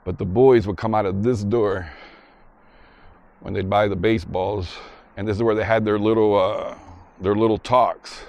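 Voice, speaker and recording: A man with a fairly low voice narrates a vlog at a moderate pace with frequent pauses, walking through a parking lot and ballpark with a handheld camera as he visits filming locations. Relaxed and chatty, he retells scenes along the way, and the dry recording has its highs cut off.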